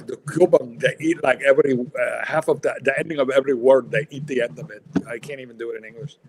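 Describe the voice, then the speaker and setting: A man's voice: mid-range voice, gravelly, darkish tone, slight background noise. A man hosting a livestream in casual chat, rambling and blunt, swearing freely with lots of fillers. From United States. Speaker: livestream host.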